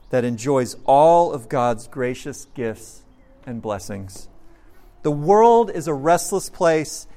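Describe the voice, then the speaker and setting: A man preaching a sermon as a pastor, earnest, moving from soft, slow passages to emphatic ones. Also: on the high side. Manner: earnest, with dramatic swings between soft and emphatic.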